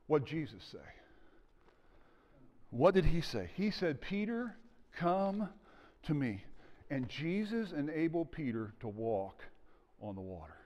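Animated male preacher in a reverberant church. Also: on the high side. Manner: animated preaching with audience call-outs. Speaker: pastor. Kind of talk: sermon. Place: church sanctuary. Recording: church hall with long reverb.

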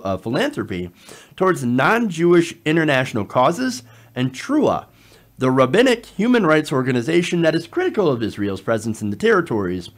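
Animated, sarcastic male political commentator. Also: mid-range voice. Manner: animated, sarcastic, frequent fillers.

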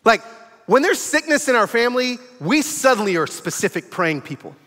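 A male preacher gives an animated sermon with story-driven delivery. His voice is high and bright, and it swoops widely in pitch. The sound carries the long reverb of a church sanctuary. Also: moderate pace. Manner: animated storytelling with acted quotes. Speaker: guest preacher.

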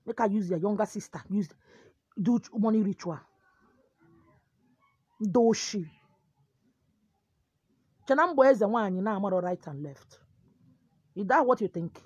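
Husky Nigerian woman, lively preachy rant. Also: medium pitch, measured pace, pauses often, no echo, muffled recording. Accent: Nigerian, Igbo. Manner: forceful, preachy, switching between pidgin and Igbo. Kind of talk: animated monologue.

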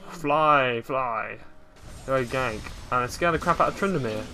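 A man talks over his gameplay in a relaxed, rambling commentary. He keeps undercutting himself with dry, self-mocking jokes. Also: medium pitch, unhurried, soft background music. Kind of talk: casual game commentary.

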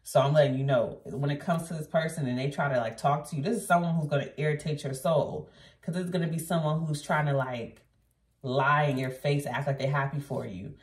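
A woman's voice: low-pitched, steady tone, brisk, recorded from a distance. A woman giving a casual tarot reading, talking blunt and chatty to her viewers and swearing freely. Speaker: tarot reader. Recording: roomy echo, voice off-mic.

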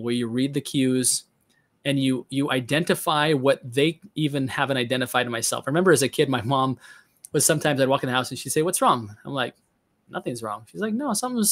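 Man, mid-pitched voice, podcast host, reflective, thinking aloud. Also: a bit bright. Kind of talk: conversational interview.

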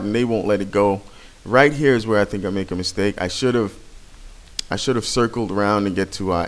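A man comments over his gameplay footage in a casual, rambling, profane way, frequently restarting his sentences. His voice is on the low side with a fairly bright tone.

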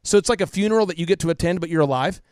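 A man's voice: high-pitched, very fast, clean tone, no room sound. Emphatic man, dry studio. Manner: emphatic, repetitive, drops to a hush for emotional parts. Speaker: podcast guest, business coach. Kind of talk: impassioned storytelling interview.

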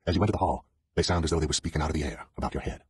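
A man narrating a literary novel as an audiobook, reading in a measured, brooding way. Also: rumbling low, a little mellow, husky, dry recording.

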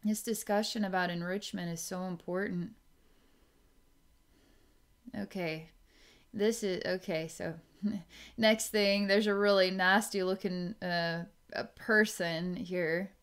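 A woman psychic giving an energy reading, musing aloud in a halting way and restarting her sentences as she goes. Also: lowish voice, steady tone, a bit bright, smooth. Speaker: psychic reader.

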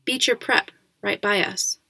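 A gentle, reassuring mother in a storybook reading, voiced by a woman with a gravelly texture. The sound is dry and close to the microphone. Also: mid-range voice, steady tone, a little slow, no room sound, heavily acted. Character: caring, practical mother.

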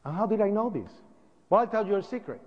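A lively, high-voiced man talks fast as he recounts events to an audience, acting out sounds and voices. The recording is dull and lo-fi, with a long reverb echoing through a hall.

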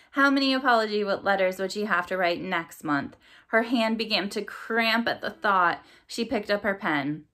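A woman narrating a novel aloud in a calm, cozy reading style. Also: medium pitch, normal speed. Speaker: storybook narrator.

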